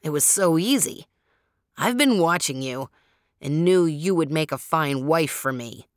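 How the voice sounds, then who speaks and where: A scheming old shape-shifting porcupine man sneers and hisses his lines in a low, unhurried voice, as a woman puts him on. He sounds smug and menacing. It is a dry, close storybook reading. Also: animated, no room sound. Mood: sneering. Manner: sneering, hissing.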